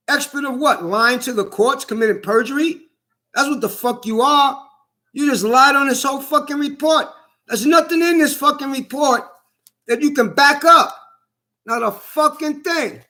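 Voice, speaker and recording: A man's voice: extremely high pitch, unhurried, sharp tone. A man delivering a heated, indignant vlog monologue, repeating himself and swearing often. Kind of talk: angry personal vlog monologue.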